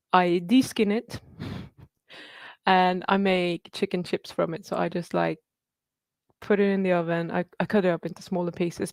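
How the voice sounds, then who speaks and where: A woman's voice: fairly low pitch, gravelly, dry recording, clean studio sound. A woman in her thirties hosting a casual live Q&A, chatty and upbeat, laughing often and swearing casually. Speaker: livestream host answering viewer questions.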